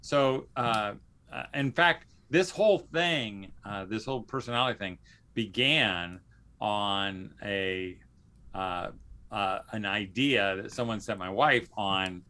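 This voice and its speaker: Man, podcast host, bright forceful tone, casual rambling talk, lots of ums and restarts. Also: on the low side, takes it slowly. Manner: rambling, with many fillers and restarts.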